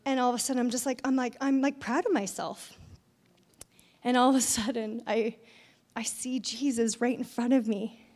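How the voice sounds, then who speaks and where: A young woman giving a conversational sermon, telling a personal story with lively voiced quotes. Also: a little high, normal speed, long reverb tail. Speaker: speaker at a church event.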